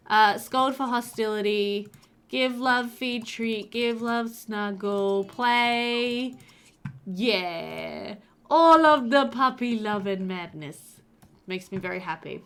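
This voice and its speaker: A woman's voice: on the high side, slow pace, a bit bright, clear, resonant tone. A young woman casually commenting on her life-sim gameplay, chatty and doting, cooing over the pets with frequent laughter. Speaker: let's play host.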